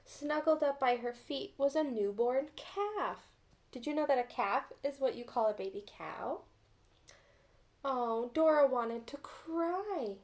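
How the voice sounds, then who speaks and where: A woman reads a picture book aloud to young children, gentle and patient, stopping to ask what they think. Her voice is high and her pace slow and deliberate. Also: lively intonation. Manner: gentle, asks children questions. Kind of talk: children's storybook read-aloud.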